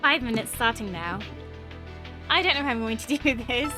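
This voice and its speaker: Bubbly high-voiced woman streamer. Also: animated, normal speed, music in the background. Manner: bubbly, gushing, giggly. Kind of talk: let's play commentary.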